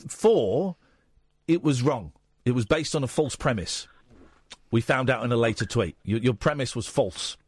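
A man hosting a phone-in radio show, sarcastic and interrupting, who shouts when riled. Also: medium pitch, lively intonation, normal speed, breathy edge, no room sound.

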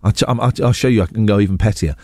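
A British man in his forties, a radio show host, chatting casually and telling animated, self-mocking stories. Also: fairly low pitch, racing, dry recording, clean studio sound. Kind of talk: casual chat.

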